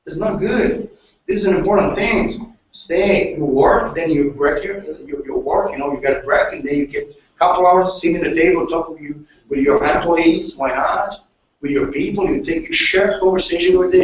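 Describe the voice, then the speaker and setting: Italian man with a high voice, heard from far off. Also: normal speed. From Italy. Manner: animated, swears freely, broken English, repeats himself. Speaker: manager. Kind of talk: casual chat. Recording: distant muffled echoey recording.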